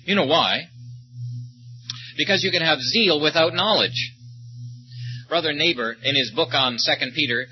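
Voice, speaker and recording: A man preaching a sermon, speaking slowly and emphatically and stopping to tell short stories. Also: a little high. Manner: slow, emphatic preaching with storytelling asides. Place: meeting or conference hall. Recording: muffled, lo-fi recording with faint hum.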